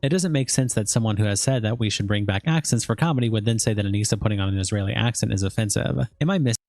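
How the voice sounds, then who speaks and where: Brisk man reading posts aloud. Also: on the low side, vocal fry, a little mellow, no room sound, clean studio sound. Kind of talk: read-aloud recap narration.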